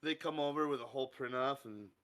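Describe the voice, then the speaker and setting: A man's voice: medium pitch, quick pace, a bit bright. A man in his thirties on a podcast, telling a long story in casual chat, acting out the voices of people in it and laughing as he goes.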